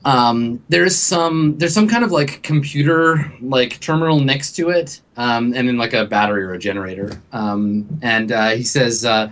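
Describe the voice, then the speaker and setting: A man narrating as game master, halting often with fillers and restarts. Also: mid-range voice, fairly bright tone. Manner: hesitant, many fillers and restarts.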